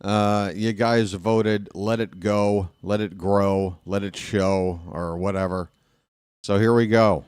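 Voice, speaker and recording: A man's voice: on the low side, slow, clear, resonant tone, dry recording, clean studio sound. Chatty American man calling baseball. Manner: chatty, talks to himself, excitable bursts. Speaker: play-by-play commentator. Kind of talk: casual live fan play-by-play.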